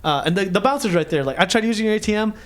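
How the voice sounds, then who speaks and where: A man on a casual podcast tells a story at a rapid clip. His pitch swings widely as he acts out the other people in it. He swears freely and keeps the chat loose. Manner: animated, acts out quotes, swears a lot. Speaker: podcast co-host.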